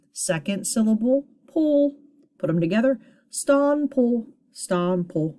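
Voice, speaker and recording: A woman's voice: medium pitch, expressive, takes it slowly, dark tone. A woman teacher giving a phonics lesson to children, patiently sounding out syllables and encouraging her students.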